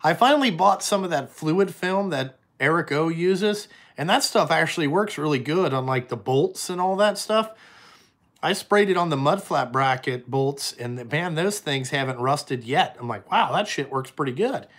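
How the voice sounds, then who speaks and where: A young man rambles through a casual live stream and swears freely as he answers viewers. His speaking voice sits a little high for a man. The talk is loose and conversational. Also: expressive, normal speed, fairly bright tone. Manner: profane, rambling, answers chat questions. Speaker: trucking company owner streaming live.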